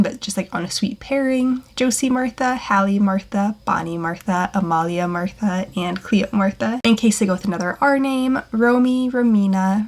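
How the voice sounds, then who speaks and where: A young woman talks through baby name ideas in a casual, upbeat vlog. Her delivery is chatty and loose, full of little fillers, at a middle pitch for a woman. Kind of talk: casual talking-head vlog.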